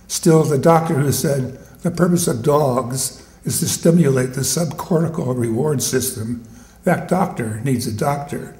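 A man's voice: medium pitch, warm tone, reverberant, lightly acted. A man voicing a streetwise talking dog in a poem, blunt and wry, recorded at a live poetry reading.

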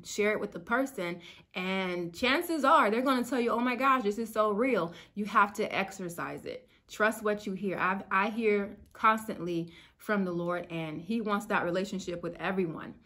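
A woman giving casual, earnest faith teaching to her viewers, chatty and slangy, her voice climbing higher as she gets excited. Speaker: spiritual YouTuber.

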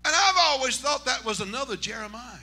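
High, bright-voiced preaching man. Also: animated, a little fast. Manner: preaching that swings between hushed talk and shouted exclamations. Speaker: senior pastor. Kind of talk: Pentecostal sermon. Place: church sanctuary.

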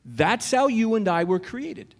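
A man's voice: sits high, big pitch swings, measured pace. A male pastor preaching a sermon in a church auditorium, talking conversationally and putting questions straight to his congregation. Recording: long reverb of a church hall.

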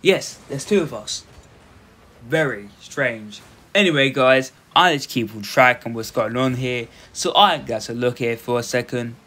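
A man's voice: mid-range voice, normal speed, few pauses, pushed and bright. A man hosting a gaming video, rambling casually over clips and often stumbling and correcting himself. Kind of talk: casual game commentary. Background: music.

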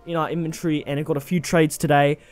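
A man impersonating a calm, measured male YouTuber talking about trading. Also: fairly high pitch, faint music behind, natural voice.

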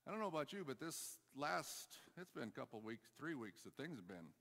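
A man preaching a sermon, telling a story and urging his church, moving between loud calls and quiet asides. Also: medium pitch, big pitch swings, brisk, vocal fry, long reverb tail. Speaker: pastor. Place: church hall.

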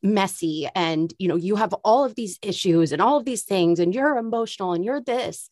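A woman's voice: mid-range voice, normal speed, darkish tone, no echo, studio quality. A woman hosting a podcast interview, talking in an effusive, heartfelt way and laughing often. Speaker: podcast host. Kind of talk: conversational interview.

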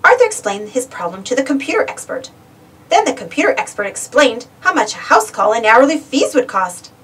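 A woman narrating a children's storybook aloud, expressive, with a distant mic. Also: fairly high pitch, a little fast, slightly rough. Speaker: storybook reader.

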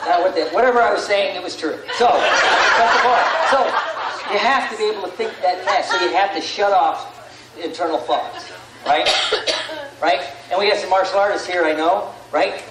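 Animated, rambling male seminar speaker, fairly high voice, roomy hall sound. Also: normal speed, background noise. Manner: animated, rambling, asks "right?" often. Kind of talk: live seminar talk to an audience. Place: large room with an audience. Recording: echoey room, far from the mic.

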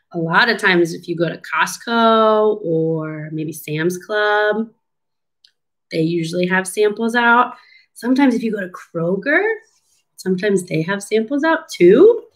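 A woman reading a picture book aloud to young children, asking them questions and pausing for their answers. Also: medium pitch, rough recording. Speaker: speech therapist reading a storybook. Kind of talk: read-aloud storytime lesson for children.

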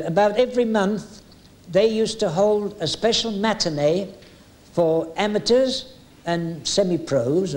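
Telling anecdotes about his life on the stage, a retired English music hall entertainer is chatty and full of little jokes. He has a slightly mellow voice pitched somewhat high for a man, and the occasional hesitant "uh" interrupts before he carries on.

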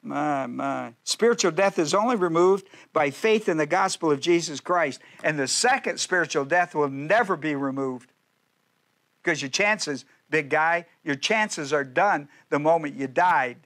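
A male pastor preaching a sermon in a folksy, joking way, full of quick asides and playful jabs at his listeners. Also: on the high side, expressive, a bit bright.

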